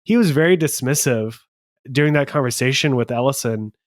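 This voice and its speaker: A man's voice: mid-range voice, brisk, dry recording, studio quality. A man co-hosting a movie podcast, chatty and rambling in casual talk. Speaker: podcast co-host. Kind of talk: casual chat.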